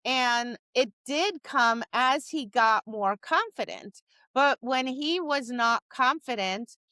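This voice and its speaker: A woman's voice: a little high, pushed and bright, dry recording. A woman co-hosting a podcast about dog training, talking casually and acting out cheery voices and dog reactions. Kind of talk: casual chat.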